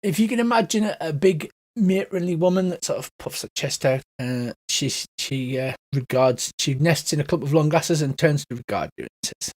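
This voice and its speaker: A man's voice: a little high, moderate pace, hardly any pauses. A man running a tabletop game as game master, narrating with rambling fillers.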